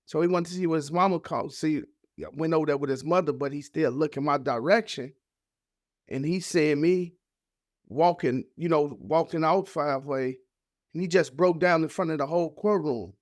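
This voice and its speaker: A man's voice: a little high, moderate pace, dry recording, studio quality. A man, a podcast guest, telling an emotional personal story in casual, heartfelt speech. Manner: casual, heartfelt, acts out voices of family in his story.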